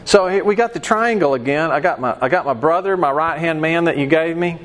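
A man's voice: a little high, fairly quick, fairly bright tone. A man leading a Bible study class in a conversational way, acting out quoted voices and asking the class questions.

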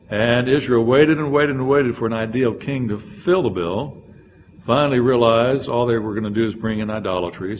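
A man's voice: medium pitch, a little hiss or hum. A man teaching a Bible lecture, explaining verses and reading scripture aloud with frequent "uh" fillers.

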